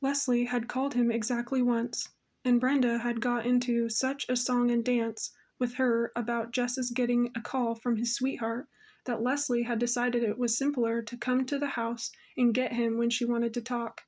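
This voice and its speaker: A woman narrating an audiobook with a steady, even storytelling manner. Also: on the high side, moderate pace.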